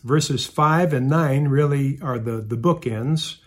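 A male pastor delivers a sermon in an earnest, measured voice of middle pitch. He reads scripture passages aloud and talks through them with occasional ums and restarts. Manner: earnest, measured preaching with scripture readings and fillers.

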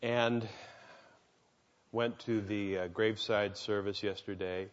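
A man's voice: fairly low pitch, steady tone, slow, long reverb tail. A man speaking at a men's gathering, giving a devotional talk told through folksy anecdotes, on a dull lo-fi recording.

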